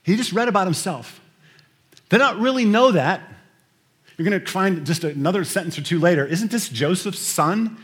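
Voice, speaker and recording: A man preaching a sermon, shifting between hushed scripture reading and loud, emphatic storytelling. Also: sits high, normal speed, long pauses. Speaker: pastor.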